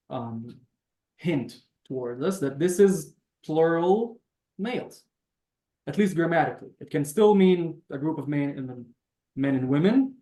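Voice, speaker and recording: A man teaching a beginner language class over a video call, patiently explaining each step and sounding out words slowly. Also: on the high side, warm tone, echoey room. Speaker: Hebrew teacher.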